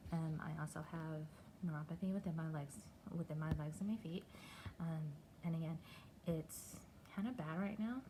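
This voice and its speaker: A middle-aged woman from Texas, talking candidly and haltingly in a personal video diary. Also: low voice, noisy background. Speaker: vlogger.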